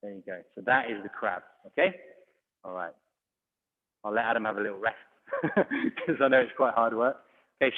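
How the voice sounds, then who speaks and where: A man's voice: medium pitch, slightly rough. A man coaching a children's online exercise class, encouraging and calling out commands. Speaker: judo coach. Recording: phone-like audio, long hall reverb.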